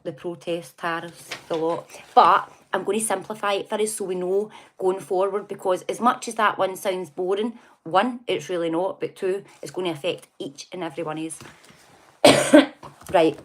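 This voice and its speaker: Chatty Scottish woman, lowish voice. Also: fairly even intonation, moderate pace. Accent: Scottish (Glasgow area). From Scotland. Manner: chatty, gossipy, laughs often, reacts to viewer comments. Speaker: livestream host. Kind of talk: casual livestream chat reading news and comments.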